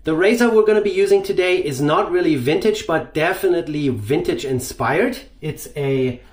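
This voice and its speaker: A man's voice: a little high, moderate pace. A man hosting a shaving channel, talking through his gear in a loose, rambling way with many fillers. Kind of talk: casual product review.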